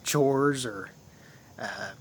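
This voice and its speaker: Extremely slow and medium-pitched, this man's voice carries a little hiss or hum as he hosts his channel. He goes on at length about spirituality in a casual, repetitive way, addressing viewers as guys.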